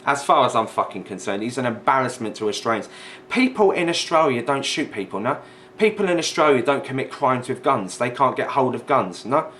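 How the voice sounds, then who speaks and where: A man's voice: medium pitch, animated, normal speed, fairly bright tone, a little hiss or hum. A man commenting indignantly on a video, swearing and repeating himself as he argues. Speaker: reaction vlogger. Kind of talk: reaction commentary.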